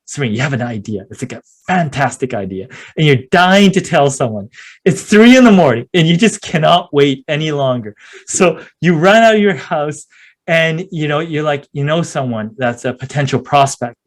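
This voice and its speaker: A man speaking as a podcast guest in casual interview talk, an animated storyteller who acts out scenes and uses many fillers. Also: fairly high pitch, normal speed. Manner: many fillers like "you know".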